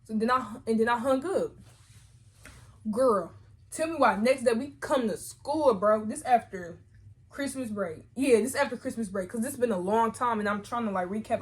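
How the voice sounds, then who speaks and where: A young woman vlogger telling a storytime with lively, slangy chatter and quick self-corrections. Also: a little high. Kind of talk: casual storytime chat.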